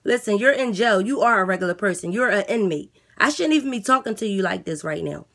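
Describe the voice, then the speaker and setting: Woman playing a flat, weary jail guard. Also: medium pitch, quick pace. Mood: matter-of-fact. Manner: flat, matter-of-fact, quietly teasing. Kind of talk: comedy skit character voice.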